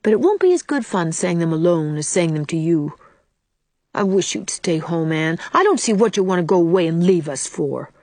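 A woman's voice: fairly low pitch, animated, moderate pace, a little mellow, dry recording. A woman reading aloud, voicing a sulky, defiant eight-year-old farm boy who talks bluntly. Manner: whiny, blunt country talk.

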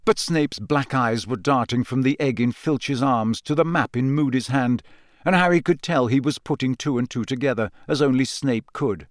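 Reading scripted narration as an audiobook narrator, a man with a medium-pitched, middle-register voice moves through a novel at a measured, even storytelling pace. It's a dry, close recording with no room sound.

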